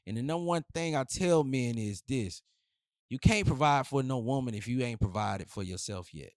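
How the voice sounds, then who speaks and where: A man's voice: medium pitch, animated, moderate pace, no room sound, clean studio sound. Blunt slangy man giving dating advice. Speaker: relationship advice host. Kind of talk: casual advice monologue.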